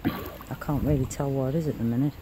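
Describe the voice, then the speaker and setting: A man's voice: medium pitch, fairly even intonation, fairly quick. A man mudlarking on a river bank, muttering casual commentary to himself as he searches. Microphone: handheld camera mic. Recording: outdoor noise on camera mic.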